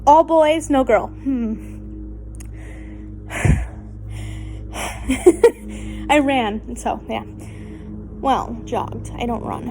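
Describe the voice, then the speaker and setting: Slow, giggly teenage girl reading fanfiction. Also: sits high, vocal fry, over music. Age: late teens. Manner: hesitant and giggly, with restarts and embarrassed asides. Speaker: fanfiction reader. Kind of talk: amateur reading of fanfiction aloud.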